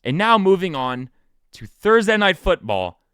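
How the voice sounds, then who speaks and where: Smooth and unhurried, this man in his twenties hosts his own sports podcast in a clean, echo-free studio recording. He's still animated and joking in a casual way, his pitch jumping when he stresses something.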